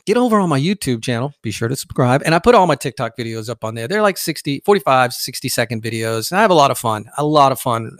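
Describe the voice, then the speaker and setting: A man's voice: fairly high pitch, fairly bright tone, no room sound. A man hosting a political podcast, talking in a blunt, emphatic, conversational monologue into a close mic. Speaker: podcast host.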